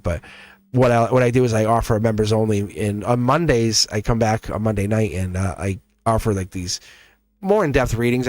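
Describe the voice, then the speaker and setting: A man hosting a live tarot stream, reading cards and telling a story in a chatty, animated way, laughing often and repeating himself. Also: medium pitch, dry recording. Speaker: tarot reader and livestream host.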